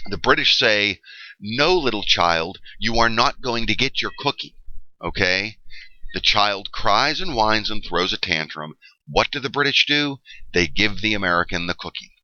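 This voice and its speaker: In this classroom lecture, a middle-aged man who teaches history works through the material step by step, peppering it with fillers and asking "okay?" often. He speaks with a fairly low, bright, forceful tone, captured in a dull, dry, lo-fi recording.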